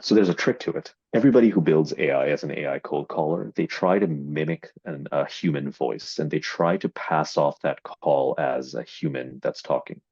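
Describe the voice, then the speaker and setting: A man's voice: a bass voice, moderate pace, creaky, hardly any pauses, darkish tone, breathy edge, no echo. A man explaining AI marketing in a business discussion, with many fillers and repeated words. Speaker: AI investment marketing executive. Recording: dull, dry lo-fi audio.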